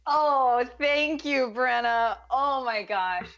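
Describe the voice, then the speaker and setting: A woman player gushing excitedly about the game in casual chat. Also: sits high, slow pace, highs cut off.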